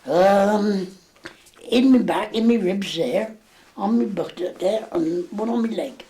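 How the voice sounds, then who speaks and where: A man's voice: high-pitched, slow, warm tone. A man, recounting memories in an interview, rambling with plenty of fillers. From England. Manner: rambling, dialect grammar, many fillers. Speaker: war veteran interviewee.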